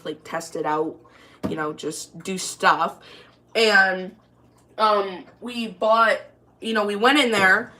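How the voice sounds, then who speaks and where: A woman's voice: mid-range voice, sharp tone. A young woman telling a story in a casual, rambling way, full of "like" and restarts, while cooking in her kitchen. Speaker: vlogger.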